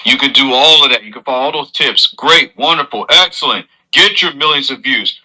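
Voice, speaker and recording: Bright-voiced man giving a lecturing monologue. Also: mid-range voice, a little fast, hardly any pauses, slightly rough, rough recording. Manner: lecturing, earnest, moralizing. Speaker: streamer. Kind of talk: preachy advice monologue.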